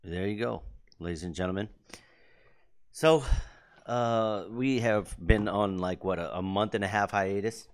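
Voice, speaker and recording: A man with a fairly low voice hosts a casual podcast chat. He hands out big hype-man introductions and jokes loosely with his friends. He eats while he talks. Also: measured pace, long pauses, clean tone. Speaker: podcast host.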